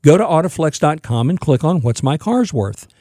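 A man's voice: fairly high pitch, sing-song, normal speed, mellow, dry recording, clean studio sound. A man on a radio show giving plainspoken advice about buying and leasing cars, with frequent fillers. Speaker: car-buying advisor, radio show regular. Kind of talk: casual radio talk.

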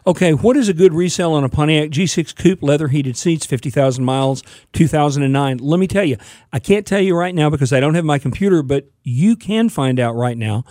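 Man, car advice on radio, mellow warm tone, dry close sound. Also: fairly high pitch, brisk, no echo. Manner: plainspoken, advice-giving, frequent fillers. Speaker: car-buying advisor, radio show regular. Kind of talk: casual radio talk.

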